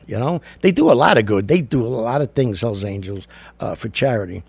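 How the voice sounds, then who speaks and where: Gravelly, blunt older talk-show host. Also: male voice, mid-range voice, animated, a little fast, darkish tone, no room sound. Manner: gravelly, blunt and chatty, with many fillers. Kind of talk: casual talk-show monologue with jokes and opinion.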